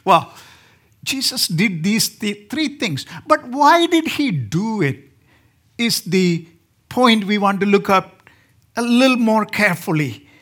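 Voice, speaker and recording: A man's voice: high-pitched, sing-song, slow pace, a bit bright. A man from India with an Indian accent, preaching as a guest speaker and joking with the congregation. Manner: joking, asks the congregation questions. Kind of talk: sermon.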